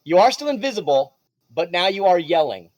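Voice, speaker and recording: A man's voice: sits high, big pitch swings, fairly quick, a little mellow. A man narrating as game master of a tabletop game, playful, laughing often and swearing casually.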